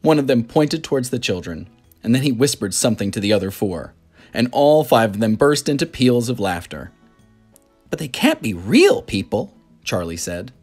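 Read-aloud narrator: man, slightly husky, animated pitch, faint music behind. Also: brisk. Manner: lively reading with loud, excited character voices; gentle, soft sign-off to a young listener. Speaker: storyteller reading a children's book aloud.

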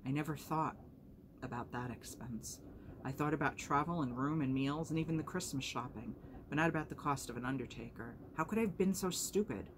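A proud old grandmother from a storybook, brisk and sharp-tongued, her words clipped and fretful, as a woman reads her lines aloud. She sits a little above the reader's everyday voice. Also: low-pitched, background noise, close to an everyday voice. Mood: distraught. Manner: sharp, worried, snappish.

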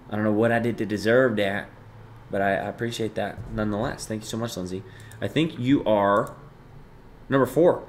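Young guy on his stream, reading chat out loud, thanking people, gets loud then mutters, average pitch. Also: a little hiss or hum. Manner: reads chat aloud, thanks gifters, jumps between loud excitement and low mumbling. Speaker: livestreamer. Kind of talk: casual live stream chat.

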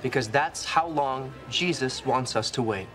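A man's voice: medium pitch, a little slow, bright, forceful tone, faint music behind. An actor playing a brash, boastful womanizing friend in a sitcom. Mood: cocky. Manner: cocky, boastful. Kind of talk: sitcom acting.

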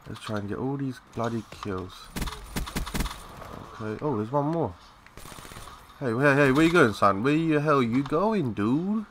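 A young man giving live, excitable commentary over a shooter game, swearing and chatting in slang. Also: mid-range voice, a little slow, long pauses, noisy background. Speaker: gaming commentator.

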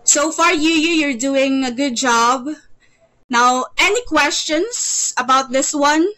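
A woman's voice: high-pitched, slow, sharp tone, poor audio. A woman teaching an online English lesson, patient, repeating words and stammering "you, you" as she leads drills.

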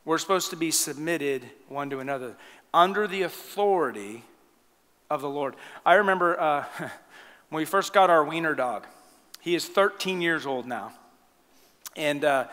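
Pastor type, bright and fairly high voice, lively storytelling sermon, church reverb. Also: male voice, brisk. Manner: animated storytelling, laughing at his own stories. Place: church sanctuary. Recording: long church hall reverb.

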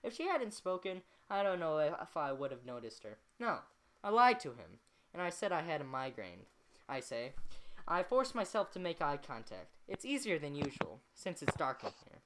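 Woman reading a book out loud, kinda low voice, bouncy delivery, keeps stopping to comment and laugh. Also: very animated, normal speed, slight background noise. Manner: chatty, laughs at her own slips, breaks off to comment. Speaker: amateur reader. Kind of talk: reading a novel aloud with asides.

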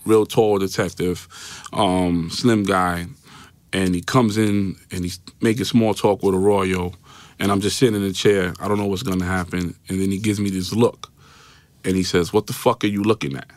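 A man's voice: sits low, little pitch movement, moderate pace, darkish tone, no echo. A man with a New York accent, a guest on a podcast, telling a personal story in a loose, repetitive way and acting out the voices of people in it. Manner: storytelling, acts out quoted voices, repeats "right?". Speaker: interview guest. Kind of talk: recounting a personal story in an interview. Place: podcast studio. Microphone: studio mic.

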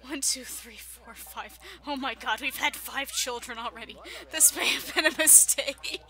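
A woman's voice: high-pitched, moderate pace, hardly any pauses, pushed and bright. A young woman giving casual, giggly commentary on her own video game playthrough, often chanting silly catchphrases. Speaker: gaming YouTuber. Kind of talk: casual let's-play commentary.

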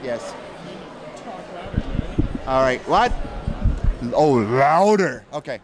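A man's voice: medium pitch, lively intonation, very slow. A man co-hosting a casual convention interview, playful and teasing. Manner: playful, mock-sulky. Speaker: co-host. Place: outdoor convention. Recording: crowd noise outdoors.

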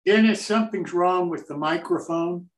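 A man's voice: high-pitched, moderate pace. A man hosting a video call, pointing out a microphone problem and repeating himself to reassure his guest. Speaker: host. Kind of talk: casual chat.

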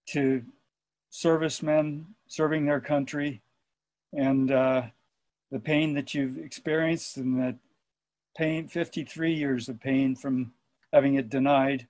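A man hosts a town hall panel, speaking gently and hesitantly between speakers. His voice is fairly high and stays flat. The sound is dry and close. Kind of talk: hosting a panel.

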